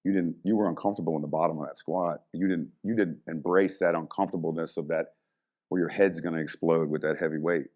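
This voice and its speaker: A man's voice: a bass voice, fast talker. A middle-aged man, a former strength coach, telling stories in a casual interview and acting out the people in them. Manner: animated storyteller, acts out quoted voices.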